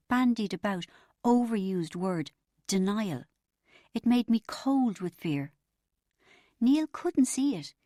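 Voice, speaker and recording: A woman narrating an audiobook with expressive storytelling. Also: fairly high pitch, no room sound, studio quality.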